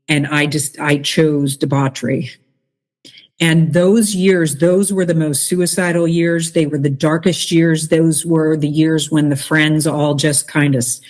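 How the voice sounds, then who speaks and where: An earnest woman speaks openly in a conversational interview, her voice full of emotion as she tells a personal story of faith. She talks haltingly and often restarts her sentences. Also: fairly low pitch, darkish tone. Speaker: interview guest.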